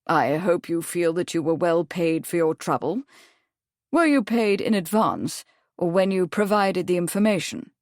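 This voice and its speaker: A woman's voice: lowish voice, lively intonation, normal speed, darkish tone, no echo, studio quality, natural voice. A woman voicing a polite, probing male barrister questioning a witness in an audiobook. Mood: mild. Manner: courteous, mild, precise questioning.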